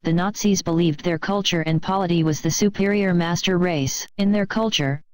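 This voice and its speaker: A woman reading a fan fiction story aloud in a steady, plain storytelling manner. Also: lowish voice, normal speed, dry recording, low-quality recording. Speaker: story reader.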